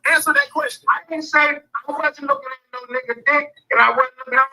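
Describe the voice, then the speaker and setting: Dude mocking someone, crude and taunting, super high sharp voice. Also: male voice, fairly even intonation, quick pace, poor audio. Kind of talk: casual trash-talk clip.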